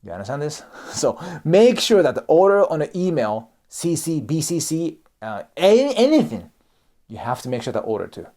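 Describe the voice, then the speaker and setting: A man's voice: fairly high pitch, big pitch swings, moderate pace, warm tone. A Japanese man with a Japanese accent, speaking non-native English as he explains Japanese customs in a casual online lesson, often checking in with "okay?" and "right?". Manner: acts out example dialogues. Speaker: YouTuber explaining Japanese culture.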